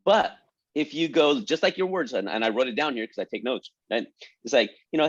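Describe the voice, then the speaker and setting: A man's voice: medium pitch, lively intonation, a little fast. Enthusiastic male host, dull lo-fi sound. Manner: enthusiastic, addresses the audience directly. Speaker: interview host. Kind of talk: conversational interview.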